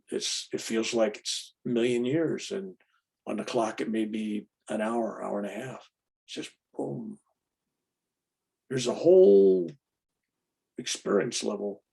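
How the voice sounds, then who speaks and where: A fairly high, creaky, somewhat mellow male voice belongs to a spiritual teacher. His talk is casual and plainspoken, and he often acts out other people's voices.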